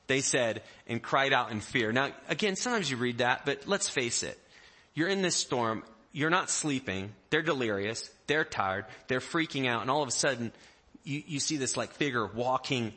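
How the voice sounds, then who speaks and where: Male pastor, bright tone, lively storytelling sermon, conversational. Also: medium pitch, moderate pace. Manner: animated, acts out the disciples' panic in quoted voices; conversational, with restarts and small jokes.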